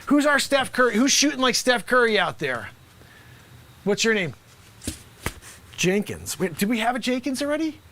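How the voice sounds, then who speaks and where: A man playing a brash loud basketball coach. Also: very high voice, very animated, moderate pace, pauses often, a little hiss or hum, exaggerated voice. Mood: bossy. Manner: loud, bossy, rambling with asides. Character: brash male high school basketball coach. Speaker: improv comedian host. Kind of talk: improv comedy sketch.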